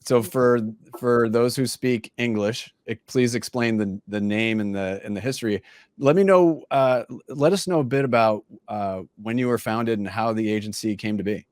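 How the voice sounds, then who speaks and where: A man's voice: mid-range voice, normal speed, a little mellow, no room sound. An American man hosting a casual interview, chatty and self-deprecating. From United States. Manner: chatty and self-deprecating, switching between French and English. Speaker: podcast host.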